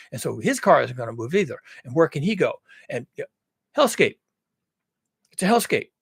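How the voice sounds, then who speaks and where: A man's voice: mid-range voice, husky, dry recording, clean studio sound. A man in a ranting monologue, dramatically spinning grim scenarios with some swearing. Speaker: video creator.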